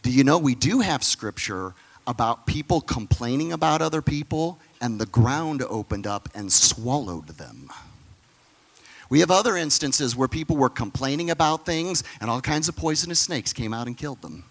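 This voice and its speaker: A man preaching in a mid-pitched voice, conversational and direct. He slips into little acted-out exchanges with changed voices to make his point. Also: animated, moderate pace, long reverb tail. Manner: conversational, acts out dialogue in different voices. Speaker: pastor. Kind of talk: sermon.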